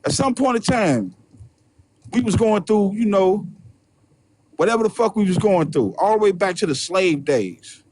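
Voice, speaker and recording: High-voiced man ranting profanely. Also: normal speed, warm tone. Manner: heated, profane, repetitive. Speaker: host.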